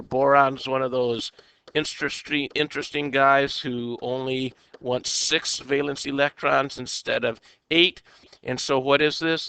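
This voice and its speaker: A man walks through a chemistry lecture at an unhurried pace, thinking aloud and tossing in playful exclamations. His voice is bright and crisp. The recording is dry and close, with no room sound. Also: medium pitch, no room sound. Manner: playful, talks to himself, quirky exclamations. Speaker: chemistry teacher.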